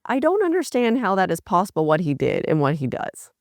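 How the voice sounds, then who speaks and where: A woman's voice: on the low side, wildly swooping pitch, fairly quick, darkish tone, dry recording. A woman co-hosting a casual sports podcast, chatty and self-mocking. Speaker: podcast co-host.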